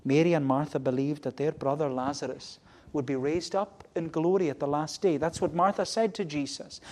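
A man preaching a sermon, repeating key phrases and swinging between quiet, low passages and loud, emphatic ones. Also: steady tone, moderate pace.

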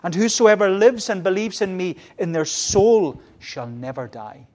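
A man preaching a sermon, repeating key phrases and swinging between quiet, low passages and loud, emphatic ones. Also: very animated, a little slow.

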